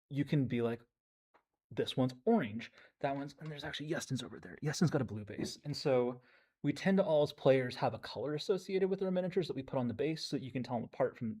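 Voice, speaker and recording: A man's voice: mid-range voice, warm tone. A man painting miniatures at a game store on a livestream, explaining things to viewers in a casual way with plenty of ums and likes. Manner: explaining to chat with fillers.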